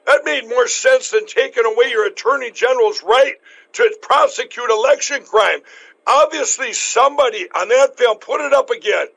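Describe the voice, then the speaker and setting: A man hosting a talk show, talking in a rambling, emphatic way with many restarts, his voice going hoarse. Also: very high-pitched, normal speed, fairly bright tone, low-quality recording. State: losing his voice. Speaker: show host. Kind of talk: casual talk show chat.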